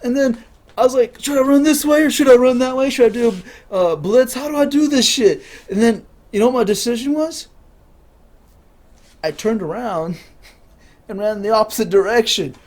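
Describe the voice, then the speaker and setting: A young man telling rambling comic stories, laughing at his own jokes and acting out voices loudly. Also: extremely high pitch, normal speed. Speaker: comedian.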